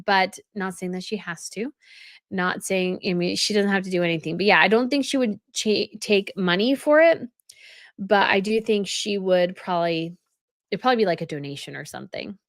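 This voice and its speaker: A woman's voice: medium pitch, normal speed, no room sound, clean studio sound. A woman hosting a live stream, reading viewer comments aloud and chatting casually, often restarting and repeating phrases. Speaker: host of a royal news live stream.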